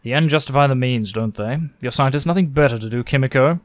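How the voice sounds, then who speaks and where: A man's voice: medium pitch, quick pace, dry recording, natural voice. Aussie guy reading a grim sinister stranger, clipped and cold, dry sound. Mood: stern. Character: stern sinister man, cold and angry.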